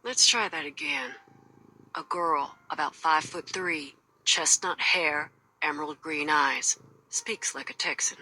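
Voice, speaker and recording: An actress voicing a tough, cold female mercenary in a video game, with a gruff, threatening, folksy drawl. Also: sits low, lively intonation, measured pace, pushed and bright, exaggerated voice, poor audio. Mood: menacing. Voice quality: husky.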